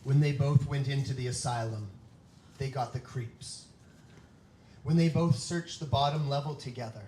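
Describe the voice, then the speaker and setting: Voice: medium pitch, moderate pace, dark tone. A host narrating a children's story at a live theatre event, playful and hamming up the spooky parts. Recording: echoey room, distant mic, noisy.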